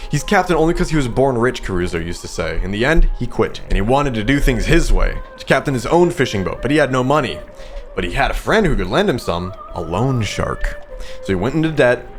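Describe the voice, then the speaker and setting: A man's voice: medium pitch, big pitch swings, a little fast, soft background music, lightly acted. A man voicing a smug, scornful male sea creature, reading game dialogue aloud in a mocking, condescending way. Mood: storytelling.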